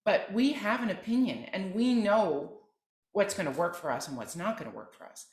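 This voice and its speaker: A woman's voice: medium pitch, lively intonation, normal speed, darkish tone. A woman opera soprano, a guest on a podcast, earnestly giving advice in conversation. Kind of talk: interview conversation. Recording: roomy echo.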